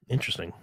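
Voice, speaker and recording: A man's voice: bright, forceful tone, no echo. A man with a Southern US accent chatting casually on a live stream, reading chat aloud, swearing freely and laughing often.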